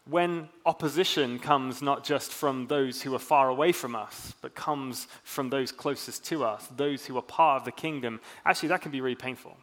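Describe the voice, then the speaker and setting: A man's voice: medium pitch, moderate pace, few pauses, a bit bright. A man preaching a sermon in a casual, chatty way, with self-mocking humor. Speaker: pastor.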